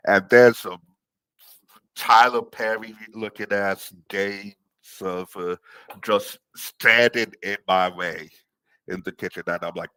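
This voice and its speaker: Young guy calling in, lowish voice, dry close sound, keeps cracking up. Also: slow pace, clean tone, no echo. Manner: laughs often, rambling and animated. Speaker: caller. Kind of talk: casual storytelling.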